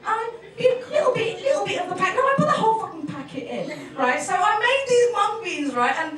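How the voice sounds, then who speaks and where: A woman's voice: very high-pitched, very animated, brisk, crowd noise. Woman, stand-up set, brash and self-mocking, echoey room, distant mic. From Turkey. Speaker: stand-up comedian. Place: comedy venue with an audience. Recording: roomy venue sound from a distance.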